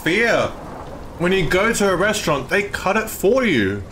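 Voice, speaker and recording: A man with an Australian accent, live-streaming and excitedly arguing with his chat, swearing often. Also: high voice, unhurried, slight background noise.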